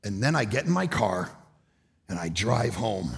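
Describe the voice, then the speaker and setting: A middle-aged male pastor preaching a sermon, telling animated stories and often shouting for emphasis. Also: on the low side, measured pace, creaky. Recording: long hall reverb.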